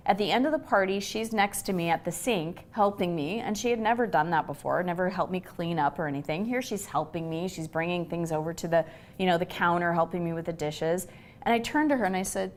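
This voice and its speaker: A woman's voice: fairly low pitch, a little fast. A middle-aged woman telling a personal story in a casual conversational way, acting out the voices of people she quotes. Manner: animated, acts out quoted voices. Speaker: host.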